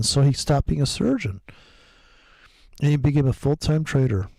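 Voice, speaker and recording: Man, gravelly voice, profane, rambling storyteller, casual chat, dry recording. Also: on the high side, expressive, fairly quick, dark tone, no echo.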